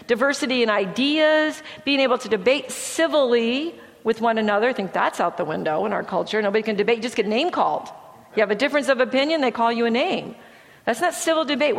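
A woman's voice: on the high side, in a large hall. A middle-aged woman giving a slide lecture on chronic pain from a Christian view, talking in a conversational, emphatic way and acting out inner thoughts.

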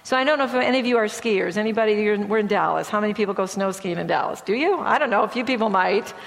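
A middle-aged woman from Michigan, a therapist, giving an animated personal testimony talk at a church event and softening her voice for serious asides. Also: mid-range voice, quick pace, vocal fry. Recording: long hall reverb.

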